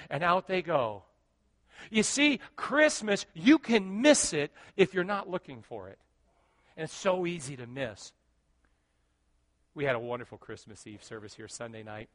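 A middle-aged man preaches as a pastor, spinning a story with jokes and acted-out quotes. His voice sits high for a man and has a bright, forceful edge. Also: moderate pace. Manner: animated, joking, acts out quotes. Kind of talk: sermon storytelling.

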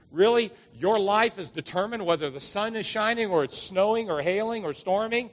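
In a large church hall, a man with a high-pitched voice preaches briskly with few pauses. He's a pastor giving his congregation a conversational, storytelling sermon marked by emphatic rises.

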